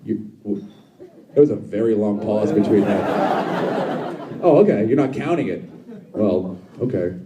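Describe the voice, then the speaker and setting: A man's voice: fairly low pitch, animated, unhurried, long pauses, heavy background noise. A man in his thirties doing live stand-up comedy in a club, brash and profane, bantering with the crowd. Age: 30s. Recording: echoey club, distant mic, crowd. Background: audience laughter.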